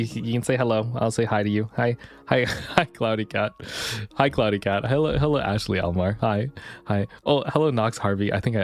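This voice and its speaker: A man hosting a live stream, warmly welcoming viewers by name. His talk is bouncy and self-deprecating, and his pitch swings widely. He sounds slightly breathless, with soft music in the background. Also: creaky. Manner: bubbly, greets chatters one by one. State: a little out of breath. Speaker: livestream host. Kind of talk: casual live-stream chat.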